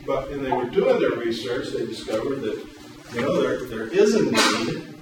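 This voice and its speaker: A male workshop presenter telling a story in a lively way, then explaining a program, recorded from a distance in a large room. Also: medium pitch, moderate pace. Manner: animated storyteller, loud acted quotes. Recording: echoey hall, distant mic, room noise.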